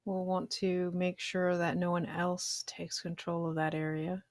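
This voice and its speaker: A woman's voice: on the low side, level tone, unhurried, a little mellow, no room sound, studio quality. A woman running a tabletop role-playing game, asking short in-character questions.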